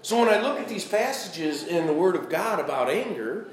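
A man's voice: high voice, very animated, moderate pace, slight background noise. A man in his fifties preaching a sermon, reading scripture and acting out quoted pleas with rising intensity. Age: 50s. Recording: echoey room with faint ambience.

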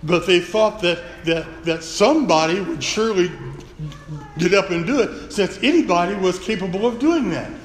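A man's voice: high voice, normal speed. A man preaching a folksy, earnest sermon to his congregation. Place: church sanctuary. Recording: echoey church hall, faint room noise.

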